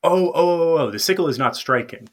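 A man's voice: a little high, animated, quick pace. A man playing a tabletop game, chatting casually and jumping in eagerly. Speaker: player.

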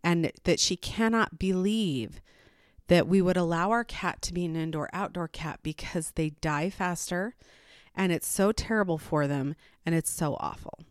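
A mother telling a personal story to camera in a casual, animated way, with rambling asides and frequent laughs. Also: on the low side, moderate pace, clean tone, no echo, clean studio sound.

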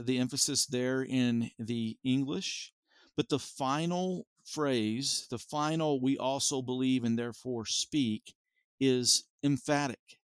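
A man's voice: mid-range voice, no echo. A man in his forties giving an informal Bible teaching as a podcast host, explaining carefully and stopping to restate and correct himself.

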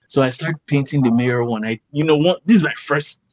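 A man's voice: fairly high pitch, fairly quick, hardly any pauses, no room sound. A man, a guest artist, telling a story casually and acting out the people in it. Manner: animated, acts out quoted voices. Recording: dull lo-fi recording.

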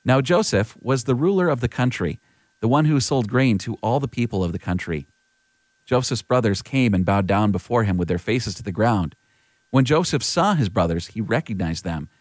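A man reads scripture aloud in a fairly low voice, measured and even. He's close to the microphone, and the recording is dry with no room echo.

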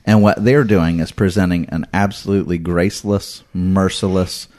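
A man's voice: low voice, steady tone, normal speed, a little mellow. A man who is a pastor, talking earnestly and with emphasis in a casual podcast discussion.

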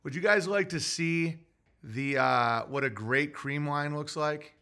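Bright-voiced man rambling on a livestream. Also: on the high side, unhurried. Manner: rambling and offhand, with frequent fillers and restarts. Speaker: livestream host reading viewer chats. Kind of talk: casual livestream chat.

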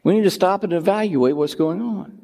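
An older man preaching a sermon as pastor, in a conversational, animated delivery with personal asides. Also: sits high, fairly quick, creaky, in a large hall.

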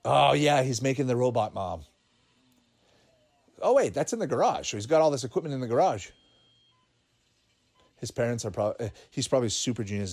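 This man reacts to a cartoon in a relaxed watch-along, laughing frequently and musing aloud with fillers. His mid-pitched voice swings widely in pitch, moves briskly with frequent pauses, and sounds a bit mellow, with no echo.

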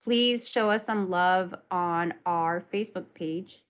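A woman's voice: fairly low pitch, slow, smooth. A woman co-hosting a podcast, chatting casually and reading the show's sign-off. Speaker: podcast co-host. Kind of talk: casual chat.

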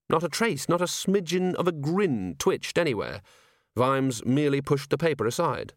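A man narrating an audiobook with expressive, dry comic timing. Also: medium pitch, unhurried, no echo.

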